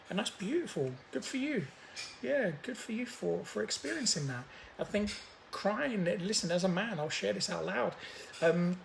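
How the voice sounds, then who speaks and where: A man's voice: a little high, a little hiss or hum, rough recording. A man talking earnestly to his viewers about self-care, often repeating words and laughing. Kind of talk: encouraging to-camera talk.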